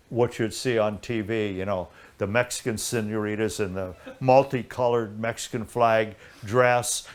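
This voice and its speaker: An older man, a guest in an interview, telling a long anecdote in a lively, rambling way with many restarts. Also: lowish voice. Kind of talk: casual anecdotal storytelling.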